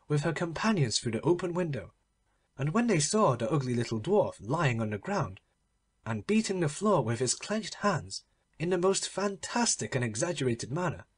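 A man reading a classic story aloud as an audiobook narrator, with expressive, dramatic delivery. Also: on the high side, slightly rough.

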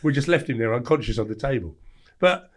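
A man in his forties from England, a podcast guest telling a story in a blunt, lively way and acting out the lines of others. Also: medium pitch, a little fast. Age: 40s. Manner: blunt, animated storyteller who acts out quoted lines. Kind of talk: storytelling interview.

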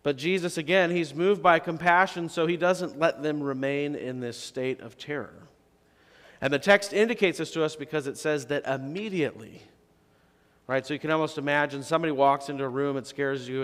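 Man preaching in a reverberant church. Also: normal speed. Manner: conversational preaching, rising to emphatic questions and dropping to soft, low phrases. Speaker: pastor. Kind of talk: sermon. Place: church sanctuary. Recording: long reverb of a church sanctuary.

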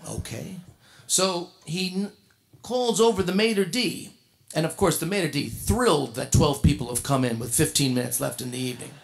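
High, gravelly man telling a comic anecdote. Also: moderate pace. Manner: animated, comic storyteller with frequent laughs and restarts. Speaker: jazz guitarist and singer telling a story on stage. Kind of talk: anecdotal storytelling at a tribute concert. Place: concert stage before an audience.

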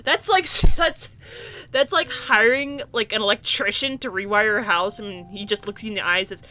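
A young woman giving casual, excitable commentary over a video game, gushing and swearing freely. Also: medium pitch, normal speed. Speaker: gaming streamer. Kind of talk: casual let's-play commentary.

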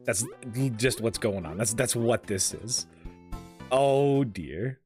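A man streaming a game live, chatting with viewers in a rambling, jokey, animated way. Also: mid-range voice, slow pace, over music. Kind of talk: live gameplay commentary.

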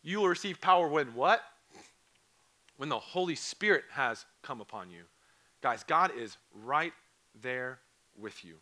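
A young man with a hoarse, fading voice preaching an earnest youth camp sermon, repeating phrases and asking students questions. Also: medium pitch, expressive, measured pace, long pauses, pushed and bright. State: hoarse, voice going. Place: church or camp hall.

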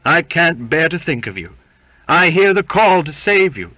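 A man voicing an old ship's cook who preaches with fanatical fervour, ranting and shouting. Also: medium pitch, very animated, measured pace, slightly rough, no echo, pitched above the performer's own voice. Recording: dull lo-fi sound.

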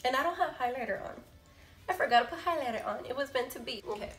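A young woman vlogger, a bit sick, gushing excitedly to viewers as she unboxes a gift at home on her camera mic. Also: high-pitched, fast talker. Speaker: beauty vlogger. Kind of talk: unboxing first impressions. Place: room at home with a window. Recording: echoey room, faint background music.

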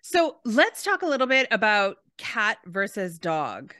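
A woman hosts a business podcast in a friendly, chatty way. Her voice is bright and forward. The recording is dry and close to the mic. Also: medium pitch, very animated, measured pace, dry recording. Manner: chatty, laughs along. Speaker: podcast host. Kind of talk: casual interview chat.

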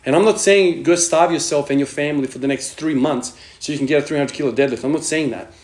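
A man's voice: on the high side, fast talker, a little mellow. A man in his thirties giving a blunt, profane motivational monologue as a strength training vlogger, hammering points home with "man". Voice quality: profane, emphatic, repeats "man". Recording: echoey room.

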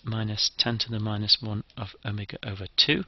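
Methodical man lecturing, low husky voice. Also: steady tone, a little fast, no room sound, dull audio. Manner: methodical, step-by-step explanation. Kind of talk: recorded engineering lecture.

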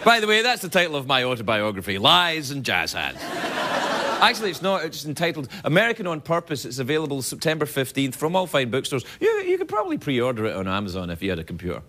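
A man's voice: a little high, huge pitch swings, racing, few pauses. A man hosting a late-night talk show, delivering a jokey comedic monologue full of self-mocking asides. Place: TV studio with live audience. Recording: loud studio audience laughter and noise.

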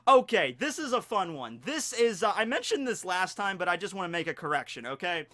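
A man hosting a casual fan commentary channel, talking in an energetic, rambling way with many restarts. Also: sits high, brisk. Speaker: YouTube host.

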